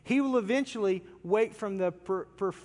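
A man preaching a sermon in a church, impassioned, moving from loud cries down to hushed, quiet passages. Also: sits high, moderate pace. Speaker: pastor. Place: large church sanctuary. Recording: long reverb of a big hall.

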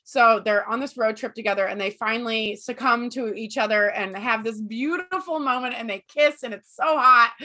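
A woman with a high, bright voice talks in a casual podcast chat. She swears freely and rants with heat, her words tumbling out in a loose, conversational way. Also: moderate pace, few pauses. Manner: heated, swears a lot, ranting. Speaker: podcast co-host.

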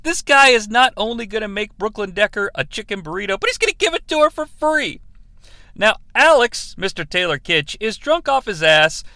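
A man hosting a podcast, giving a jokey, profane, animated movie review. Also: sits high, moderate pace, dry recording. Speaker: podcast host.

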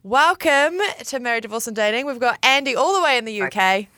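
A woman's voice: fairly high pitch, lively intonation, a little fast, pushed and bright, no room sound, clean studio sound. A woman with a New Zealand accent co-hosting a podcast and introducing a guest in casual, giggly chat. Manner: giggly and playful. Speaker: podcast co-host.

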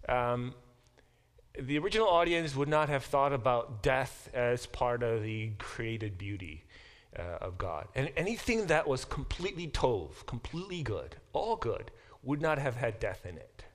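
A middle-aged man teaching a class, explaining with lively examples and frequent restarts. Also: fairly high pitch, moderate pace. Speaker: professor teaching a Bible class. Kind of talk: classroom lecture.

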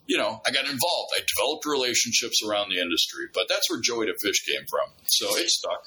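A man's voice: on the low side, fairly quick, poor audio. A middle-aged man telling stories in a casual conversation, acting out dialogue with many restarts. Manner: animated storyteller, acts out dialogue, many restarts. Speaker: guest.

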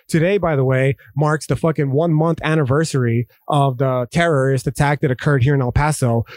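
A man's voice: a little high, a little mellow, no room sound, clean studio sound. A man hosting a podcast, talking in a profane, rambling, conversational way. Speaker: podcast host. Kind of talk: casual podcast monologue.

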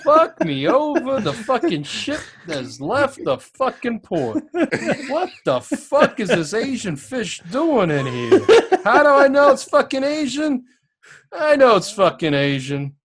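A man's voice: very high voice, very animated, slow pace, fairly bright tone, slight background noise, full character voice. A man putting on a crude, foul-mouthed Italian-American character while dubbing over a movie, rambling and laughing through his lines. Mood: outraged. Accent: put-on stereotypical Italian-American.

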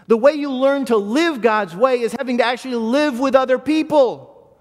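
Man, pastor, sermon, earnest, high-pitched, echoing church hall. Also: moderate pace. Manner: earnest, repeats words when restarting.

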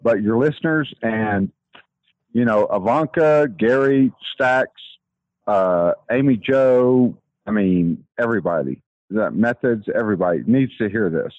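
A man with a Texan accent calling into a talk show by phone, rambling and then reading his own poem in a slow, measured way. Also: fairly low pitch, expressive, darkish tone, no room sound. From Texas. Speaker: caller. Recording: dull lo-fi phone line.

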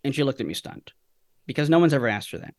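A man talking as a podcast guest, his voice sitting at an ordinary pitch. He teaches through stories and poses questions that he then answers himself. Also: big pitch swings, quick pace, vocal fry, darkish tone, dry recording, studio quality. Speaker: guest speaker. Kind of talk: podcast interview storytelling.

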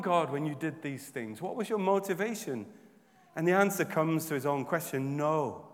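A man's voice: a little high, animated, normal speed, in a large hall. A man preaching a sermon, reading scripture and building emphatically with conviction.

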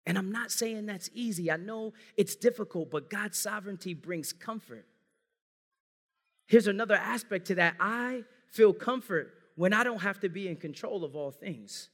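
Bright-voiced male pastor preaching in a hall. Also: sits high, normal speed. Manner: earnest preaching, addresses congregation as family. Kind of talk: sermon. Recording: long hall reverb.

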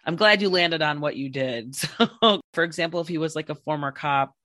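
Woman host, casual chat, rambling with fillers, bright tense voice, dry close sound. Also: deep voice, a little fast, dry recording. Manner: rambling, many fillers and restarts, laughs often. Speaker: podcast host.

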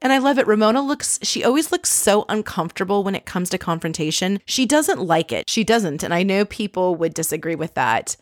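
A woman tells a reality-show recap in a chatty, gossipy way, swearing casually as she goes. She jumps in and out of quoted voices with plenty of pitch movement. The sound is close and dry, with no room around it. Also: very animated, fairly quick, few pauses, no room sound.

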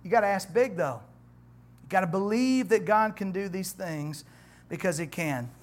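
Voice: medium pitch, normal speed. A pastor preaching a sermon, joking with the congregation and reading scripture aloud with rising emphasis. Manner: animated, conversational preaching with humor and asides to the congregation. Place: church.

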